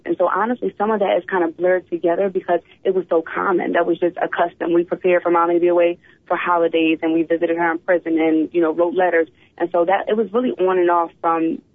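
A woman in her thirties from Philadelphia, telling her life story as a guest in a casual interview, animated, often opening with "you know what". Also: on the low side, fast talker, hardly any pauses, no room sound. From Philadelphia, USA. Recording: tinny phone line.

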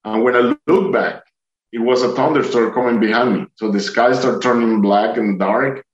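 A man's voice: mid-range voice, normal speed. A man from Georgia earnestly telling a heartfelt personal story, often saying "like" and "you know". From Atlanta, Georgia. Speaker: guest telling his survival story. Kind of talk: emotional storytelling. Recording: roomy dull sound.

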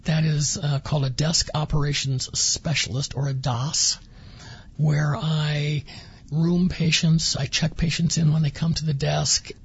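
A man's voice: a little high, level tone, a little slow, creaky, slightly rough, muffled recording. A man guest on a radio interview, earnestly recounting his experience and acting out quoted dialogue. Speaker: interview guest, former patient.

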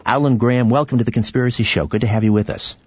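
A man hosting a talk show, interviewing a guest in a halting way with many fillers and restarts. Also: medium pitch, fairly even intonation, darkish tone, husky, dry recording, dull audio. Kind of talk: radio interview.

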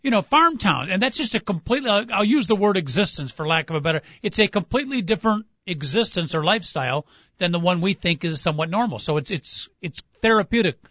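A man's voice: high voice, animated, quick pace, a bit bright, no room sound, muffled recording. A man hosting a sports radio show, talking in a folksy, musing way and plugging the call-in line. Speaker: radio host. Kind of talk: casual sports radio banter.

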